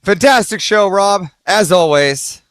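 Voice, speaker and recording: A man's voice: high-pitched, a little slow, fairly bright tone, no echo, clean studio sound. A man co-hosting a casual livestream, chatting in an easygoing way and chuckling often.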